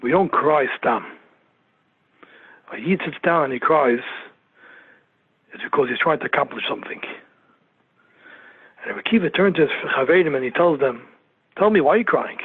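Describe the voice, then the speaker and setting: A man's voice: a little high, normal speed, long pauses, husky, no echo. A man giving a Torah sermon, repeating phrases and firing off rhetorical questions. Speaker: Torah teacher. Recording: narrow phone-like radio sound.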